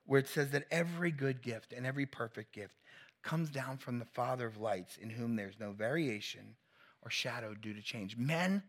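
A middle-aged male pastor preaching a sermon in a conversational, teasing way, laughing at his own jokes. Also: mid-range voice.

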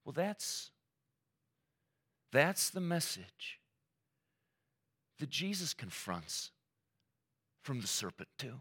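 A man's voice: medium pitch, big pitch swings, drawn-out words, pauses often, sharp tone, husky. A man preaching a sermon as pastor, earnest and emphatic, mixing teaching with personal stories.

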